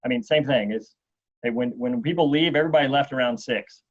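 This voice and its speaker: A man in his forties, a guest telling a long anecdote in an interview, animated and acting out what others said. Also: medium pitch, fairly quick. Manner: animated storyteller, acts out quotes. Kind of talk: storytelling in an interview. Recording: dull lo-fi sound.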